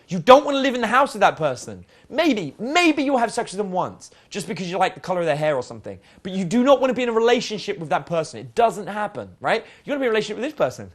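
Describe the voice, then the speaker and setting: A man teaching a dating seminar in a lively, casual way, swearing now and then and acting out example lines. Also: sits high, quick pace. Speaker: dating coach. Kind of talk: spoken seminar lesson.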